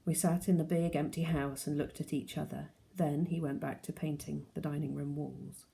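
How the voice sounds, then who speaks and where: A woman teacher reading a novel aloud to her class in a steady, plain storytelling manner. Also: sits low, creaky.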